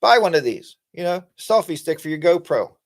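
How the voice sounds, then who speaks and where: Very animated and fairly high-pitched, a middle-aged American man speaks at normal speed while hosting a relaxed motorcycle live-stream chat. He rambles, often restarting sentences and filling gaps with filler words.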